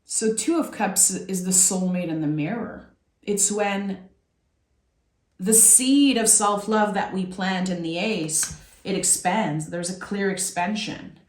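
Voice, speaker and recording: A woman from Québec giving an intuitive tarot reading in a reflective, meandering, gently encouraging way. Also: mid-range voice, takes it slowly. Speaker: tarot reader. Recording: echoey room.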